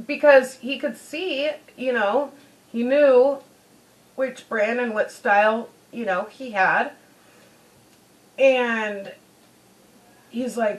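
Chatty lady vlogger telling a story, slow pace, lots of "you know". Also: a little high, a bit bright, poor audio. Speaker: beauty vlogger. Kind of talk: casual storytelling.

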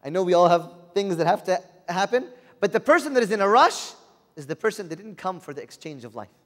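A man's voice: high voice, big pitch swings, a little fast, fairly bright tone. A man preaching a sermon, earnestly putting rhetorical questions to his listeners. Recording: long reverb of a large hall.

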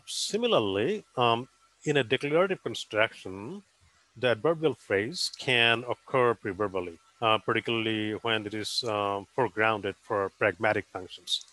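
Hesitant man presenting with a bright voice. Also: lowish voice, no echo, low-quality recording. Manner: hesitant, frequent um and uh fillers; careful explanatory delivery. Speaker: linguistics conference presenter. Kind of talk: academic slide presentation.

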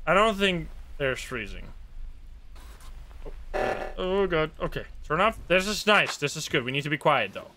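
An excitable male streamer commentates his gameplay live, talking to his viewers and swearing often. His voice is bright and a little high, and it jumps up and down in pitch as he reacts. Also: a little slow, long pauses, slight background noise. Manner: excitable, swears, talks to chat.

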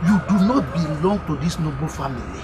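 An actor with a Nigerian accent playing a bitter village uncle who shouts and mocks his relatives in a film. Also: a little high, big pitch swings, fairly quick, music in the background. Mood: scornful. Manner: mocking, shouting insults. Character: bitter, insulting middle-aged village uncle. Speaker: scornful uncle in a family feud. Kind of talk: Nollywood film acting.

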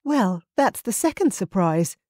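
A woman's voice: medium pitch, sing-song, measured pace, mellow, no room sound, studio quality, voice pushed up. A woman narrator voicing a wry, lightly amused young woman in an audiobook. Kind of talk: audiobook character voice.

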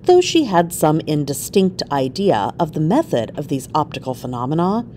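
A woman narrates a classic story aloud in a measured, expressive reading. Her voice sits low but moves a lot in pitch. The pace stays steady. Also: slight background noise. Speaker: reader.

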